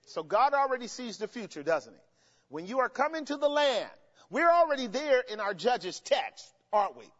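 A man with a very high-pitched, fairly bright voice teaches a Bible study as a pastor, using call-and-response questions that have listeners finish his sentences while he drives his points home emphatically. The recording sounds dull, with long hall reverb.

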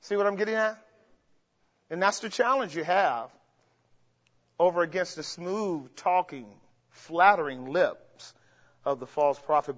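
High-voiced preacher in an echoing hall. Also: male voice, unhurried, long pauses. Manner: emphatic, swings between shouts and low murmurs, asks the crowd rhetorical questions. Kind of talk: sermon. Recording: dull sound with long hall reverb.

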